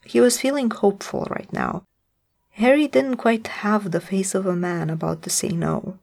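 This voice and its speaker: A woman narrating fiction aloud, lingering over phrases in an expressive storytelling manner. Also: medium pitch, moderate pace, gravelly.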